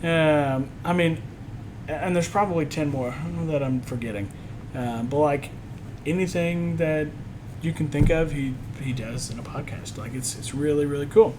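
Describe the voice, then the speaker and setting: A man on a podcast, casually telling an animated story and acting out what others said. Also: a little high, moderate pace, noisy background. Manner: animated storytelling, acts out quotes. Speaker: podcast co-host. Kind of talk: casual chat.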